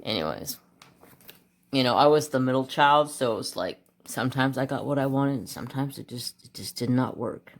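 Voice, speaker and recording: A man sits coloring and chatting casually, wandering between his choice of colors and a long story from his childhood. He mutters quietly while deciding and grows animated and louder as the story picks up, his voice sitting in an ordinary middle pitch. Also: normal speed. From United States. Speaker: craft channel host.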